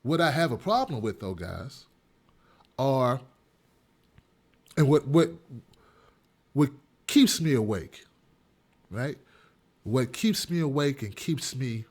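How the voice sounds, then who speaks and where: A man's voice: mid-range voice, very animated, slow pace, long pauses, breathy edge. A man hosting his own show, delivering an emphatic, repetitive opinion monologue with a ranting edge. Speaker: show host.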